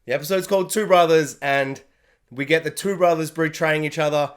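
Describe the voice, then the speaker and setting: A young man gives an excited solo anime reaction review, gushing and acting out quotes from the show. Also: on the high side, brisk. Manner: animated, gushing, acts out quotes.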